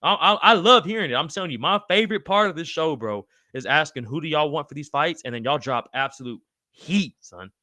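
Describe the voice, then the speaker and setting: A man's voice: fairly high pitch, lively intonation, a little fast, bright, forceful tone, no echo, studio quality. A man hosting a live show, chatting casually and reading out viewers' comments, full of slang like bro and brother. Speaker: podcast host reading live chat. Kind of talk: casual live-stream chat.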